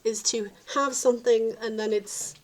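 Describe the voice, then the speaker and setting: A woman's voice: fairly high pitch, fairly even intonation, moderate pace. A woman from the South Jersey and Philadelphia area in a rambling, opinionated vlog monologue, often calling things dumb. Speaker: vlogger.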